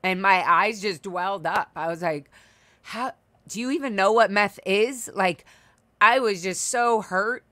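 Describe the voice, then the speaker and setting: A woman's voice: mid-range voice, a little slow, pushed and bright, dry recording. A young adult woman hosting a podcast, telling a personal story in a candid, emotional way over a video call, full of fillers and restarts. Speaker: podcast host. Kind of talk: casual chat, personal storytelling.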